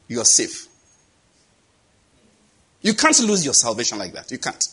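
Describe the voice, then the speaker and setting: Husky, high-voiced Nigerian pastor. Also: male voice, a bit bright. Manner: storytelling, acting out dialogue, laughing at own jokes. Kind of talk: sermon.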